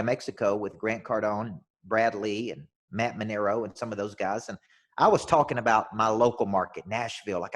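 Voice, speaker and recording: A man from the United States, a business coach talking as a podcast guest, tells stories emphatically and often repeats his first words as he starts a sentence. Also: mid-range voice. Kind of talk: energetic storytelling in a podcast interview.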